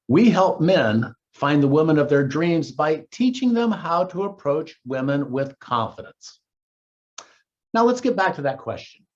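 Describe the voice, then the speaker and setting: A man coaching on dating speaks straight to his viewers in a lively voice that rises and falls as he tells a story. He acts out the dialogue in conversation and sometimes repeats a word. The recording sounds a little dull and lo-fi. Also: mid-range voice. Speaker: dating coach and company founder.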